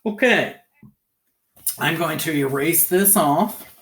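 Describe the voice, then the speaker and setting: Slow, patient male phonics teacher. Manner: slow, patient, sounds out letters one by one; lively pitch, rising on cheerful check-ins. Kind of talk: phonics lesson for young children.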